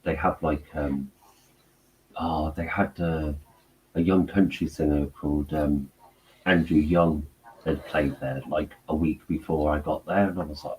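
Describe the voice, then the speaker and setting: Deep guy, casual co-host, rambles with lots of "um" and "like". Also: steady tone, a little mellow, rough recording. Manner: rambling, halting, full of fillers. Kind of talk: casual chat.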